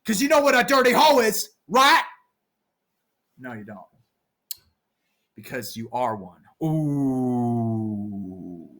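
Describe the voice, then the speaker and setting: A man's voice: medium pitch, sing-song, slow pace, long pauses, a bit bright. A man vlogging to his viewers, rambling goofily and freestyling rhymes off the top of his head. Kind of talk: rambling freestyle vlog chat.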